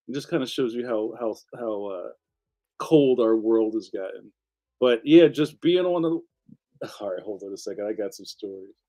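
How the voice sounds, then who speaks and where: A man hosting a casual livestream, chatting as he reads out viewer comments and laughing often. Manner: chatty, laughs often, animated pitch jumps. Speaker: livestream host.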